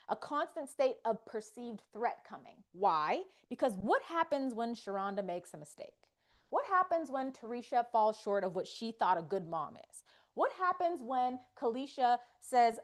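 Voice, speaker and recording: A woman hosting a live faith-based wellness talk, animated and playful, acting out inner voices. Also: sits high. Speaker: wellness session host.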